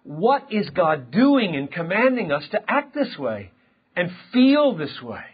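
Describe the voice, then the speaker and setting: A male pastor preaching a sermon, emphatic and impassioned, swinging between loud and quiet. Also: high voice, very animated, unhurried, slightly rough. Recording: dull lo-fi sound.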